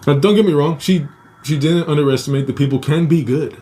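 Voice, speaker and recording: With a brisk, mellow, higher-pitched voice, the young man hosting this podcast shares a personal story in a loose, foul-mouthed way. Frequent laughter breaks in, and he performs quotes by raising his voice.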